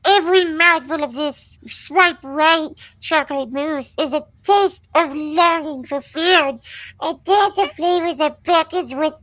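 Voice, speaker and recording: A woman's voice: sits high, unhurried, a bit bright, no echo, poor audio. A woman co-hosting a podcast, reading a recipe in a mock-sensual, playful way. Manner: playful, breaks into laughter.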